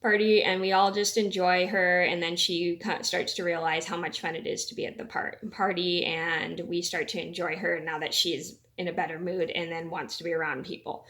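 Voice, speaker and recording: A young woman tells a story to her viewers in a loose, rambling way, stopping often for fillers and restarting her sentences. Her voice has a bright, forward ring at an average pitch. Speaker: vlogger. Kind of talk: casual storytelling.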